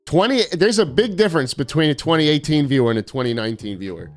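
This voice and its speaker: Young male streamer, joking and sarcastic, animated delivery, faint background music. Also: on the high side, quick pace. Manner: sarcastic, joking, mock-arrogant. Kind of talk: casual live-stream chat reading viewer postcards.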